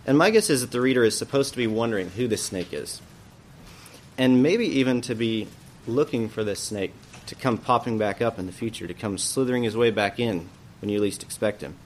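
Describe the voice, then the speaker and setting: A man's voice: medium pitch, a little fast, slight background noise. A man teaching an adult church Bible class, explaining a passage in a thoughtful way and often asking questions aloud.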